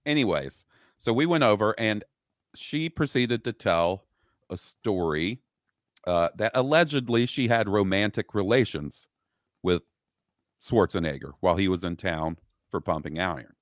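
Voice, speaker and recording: A man's voice: on the low side, lively intonation, unhurried, no echo, clean studio sound. A man co-hosting a casual podcast, telling a story in a laid-back way with asides. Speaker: podcast co-host.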